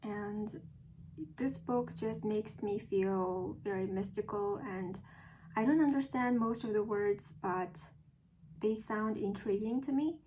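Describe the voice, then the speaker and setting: A woman with a Mongolian accent, a vlogger who chats casually and then reads a book aloud slowly and carefully. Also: medium pitch, warm tone, a little hiss or hum, rough recording. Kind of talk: casual chat and reading aloud.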